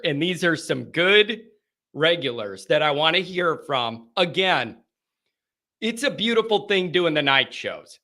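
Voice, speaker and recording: A man hosting a live call-in show, chatting casually in an energetic, rambling, joking way from a green-screen set. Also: high voice.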